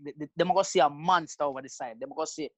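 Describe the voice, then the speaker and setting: A man's voice: a little high, rapid-fire, dry recording. A man, talking emphatically in casual podcast banter. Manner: emphatic, patois-flavoured. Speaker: podcast co-host.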